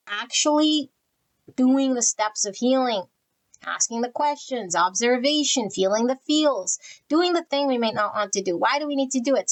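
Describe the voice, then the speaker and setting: A woman's voice: on the high side, poor audio. Blunt woman giving a tarot reading. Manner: blunt, spiritual, channels energy. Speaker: tarot reader. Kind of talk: pick-a-card tarot reading.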